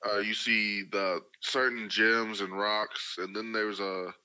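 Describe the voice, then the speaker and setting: A man narrating as game master for a tabletop game, pausing often with fillers and restarts. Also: fairly low pitch, level tone, pushed and bright, clean tone, low-quality recording. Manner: halting, many fillers and restarts.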